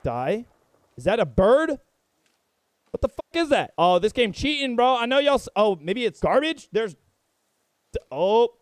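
Young male gamer, fairly high, lively voice, loud swearing outbursts, faint gunfire behind. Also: moderate pace, a little hiss or hum. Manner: excitable, profane, bursts into yelps and shouts mid-play. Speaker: gaming content creator. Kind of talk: live gameplay commentary.

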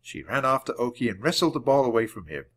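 A man reading a children's book aloud at a clear, measured storytelling pace. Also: mid-range voice, sing-song, a bit bright. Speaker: audiobook reader.

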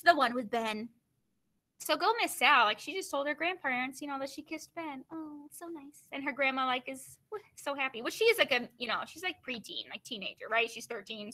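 A young woman teacher reads a novel aloud to her class, her voice high and bright. She stops often for chatty asides full of "like" and "you know.". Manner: casual asides full of "like" and "you know" between expressive reading. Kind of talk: read-aloud with commentary.

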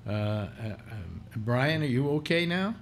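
A man's voice: mid-range voice, lively intonation, a little slow, slight background noise. A man hosting a casual live talk stream, rambling with many restarts and fillers. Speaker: host. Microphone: computer mic through speakers.

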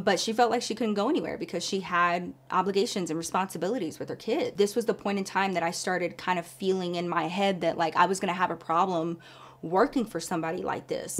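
A woman's voice: fairly low pitch, a bit bright. A woman vlogger telling a personal story in a casual, chatty way, full of "like" and addressing viewers as y'all.

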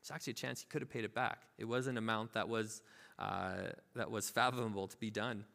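A man preaching a sermon as pastor, telling a parable with lively asides and acting out the characters' voices. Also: on the low side, fast, vocal fry, in a large hall. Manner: informal, filler-heavy asides. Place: church sanctuary.

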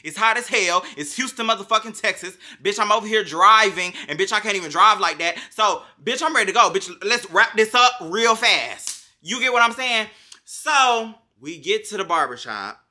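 A man ranting through a storytime vlog, swearing freely and leaning on slang. His voice sits high and sounds very bright and piercing. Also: expressive, moderate pace. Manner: profane, dramatic storytelling, heavy slang. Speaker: vlogger. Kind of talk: casual storytime rant.

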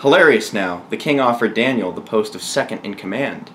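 Low-voiced man reading a bawdy tale. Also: animated, brisk, a little hiss or hum. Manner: chuckles through the punchlines. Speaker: storyteller.

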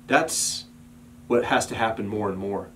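A man preaching a sermon as pastor, building emphatic repeated calls and sometimes dropping to a soft, quiet storytelling voice. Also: on the low side, a little slow, a little hiss or hum.

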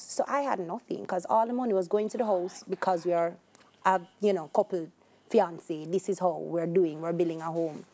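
A woman's voice: lowish voice, moderate pace. A young adult woman with a Jamaican accent telling a personal story in an interview, acting out voices and slipping into patois. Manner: animated, acts out quoted voices, slips into patois. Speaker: guest.

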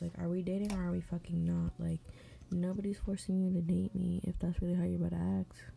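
A woman with a low, gravelly voice and a very dark, mellow tone gives blunt, profane running commentary. She chats casually while doing her makeup, reading stories aloud and dropping into mumbles under her breath. She sounds like the host of an advice show. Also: level tone, brisk.

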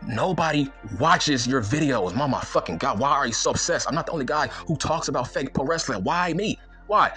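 A man's voice: mid-range voice, lively intonation, a little fast, few pauses, pushed and bright, soft background music. A man delivering an angry, profane, mocking rant to camera as a wrestling YouTuber. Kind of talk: angry ranting monologue.

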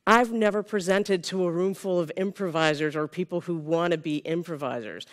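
A woman in her fifties from Sonoma County, California delivers a conference keynote in a conference room before a live audience. Her voice is lowish and her speed normal, and she keeps it conversational, often checking in with listeners by asking "right?"

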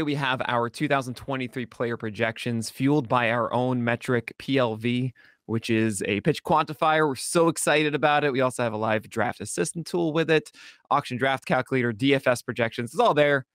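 A man joining a podcast as a guest analyst, sounding eager and upbeat as he explains his picks. His voice sits at an ordinary pitch and the recording is dry and close. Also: a little fast, a bit bright, smooth, no room sound. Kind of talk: analytical chat and product plug.

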